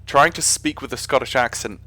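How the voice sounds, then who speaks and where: A man's voice: medium pitch, a little fast, sharp tone, no room sound. A man with an English accent chatting casually on a live stream while flying a simulator, rambling and often correcting himself. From England. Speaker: flight sim streamer.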